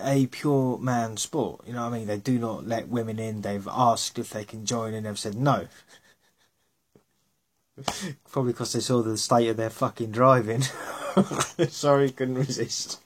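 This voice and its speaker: A man with a husky voice, bluntly ranting his opinions in a casual monologue, scornful and sarcastic, swearing freely. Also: medium pitch, measured pace.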